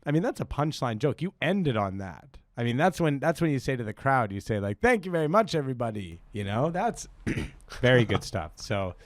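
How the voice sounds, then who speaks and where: A man co-hosting a comedy podcast, rambling and excitable, swearing casually as he reads listener suggestions. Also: medium pitch, moderate pace, few pauses, dry recording, studio quality. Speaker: podcast co-host.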